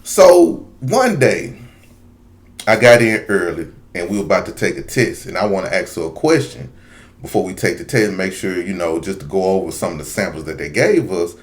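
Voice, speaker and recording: A man's voice: low-pitched, very animated, moderate pace. A man telling a long casual story straight to his viewers, rambling with many asides. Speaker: video commentator.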